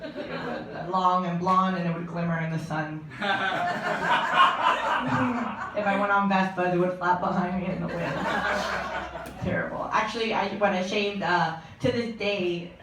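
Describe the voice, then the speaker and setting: A woman's voice: on the low side, moderate pace, long pauses, heavy background noise. Young woman doing stand-up, echoey. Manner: deadpan jokes with frequent laughs. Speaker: stand-up comedian. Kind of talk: stand-up set. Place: comedy stage with live audience. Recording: echoey live room from far off.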